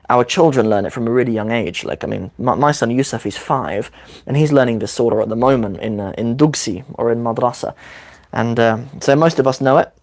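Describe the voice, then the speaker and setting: A man in his thirties with a croaky voice from a cold, giving a chatty, upbeat live-streamed Arabic lesson as the teacher. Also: medium pitch, darkish tone. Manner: chatty, upbeat, quick asides. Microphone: desk microphone.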